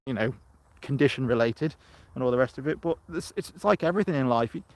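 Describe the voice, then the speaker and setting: This allotment vlogger, a middle-aged man from England, speaks quickly in a medium-pitched, slightly mellow voice with no echo. He chats rambly on a live stream, outdoors with a phone camera, replying to viewers as he goes.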